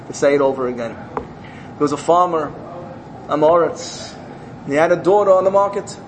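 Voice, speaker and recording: High-voiced man telling a parable. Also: slight background noise, rough recording. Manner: animated storytelling, acts out characters. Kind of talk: telling a parable in a religious talk.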